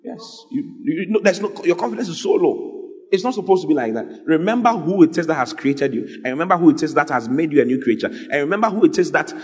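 A man preaching an animated, lively sermon as a pastor, joking with his congregation. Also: fairly high pitch, fast talker. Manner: animated, exclaiming, jokes with the congregation. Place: church hall. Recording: long hall reverb, faint music.

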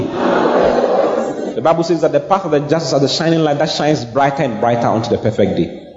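A man's voice: fairly high pitch, normal speed, long pauses, heavy background noise. A man preaching a sermon emphatically, repeating lines and calling on the congregation to repeat after him. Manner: emphatic, repetitive call-and-response preaching. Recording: echoey hall, muffled audio.

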